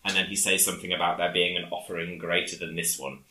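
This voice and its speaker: A man casually recapping a film on a podcast, halting often with fillers as he retells scenes. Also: deep voice, little pitch movement, bright, forceful tone, echoey room, poor audio. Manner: rambling, halting with many fillers. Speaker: podcast co-host.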